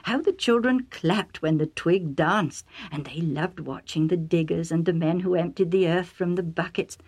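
A woman reading a children's Bible story aloud in a gentle, lively, expressive way. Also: lowish voice, moderate pace, breathy edge. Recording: faint music underneath.

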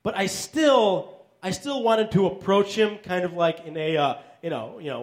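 A man doing a stand-up comedy set in a halting, awkward deadpan manner, full of ums and restarts. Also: sits high. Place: comedy club stage.

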